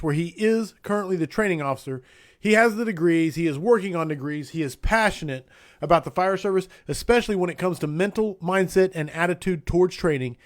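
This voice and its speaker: A man hosts a casual interview show with an upbeat, easygoing manner. His voice sits a little high for a man. The sound is dry and close, with no room around it. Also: no room sound. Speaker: podcast host. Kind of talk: casual live-stream interview.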